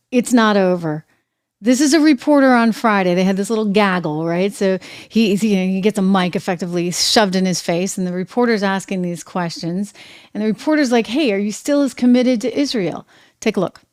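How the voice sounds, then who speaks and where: Sarcastic woman political commentary host. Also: medium pitch. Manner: sarcastic, animated.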